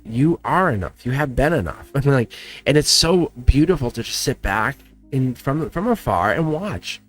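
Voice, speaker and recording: Chatty man giving a tarot reading. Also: mid-range voice. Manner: emotional, chatty, laughing. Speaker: tarot reader. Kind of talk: casual spoken tarot reading.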